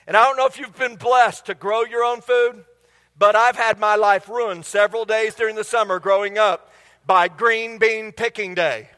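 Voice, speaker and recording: A man's voice: high-pitched, fairly even intonation, moderate pace, a bit bright. A middle-aged man preaching a sermon, telling humorous family stories and quizzing his congregation. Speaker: pastor. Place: church sanctuary. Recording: long reverb of a large hall.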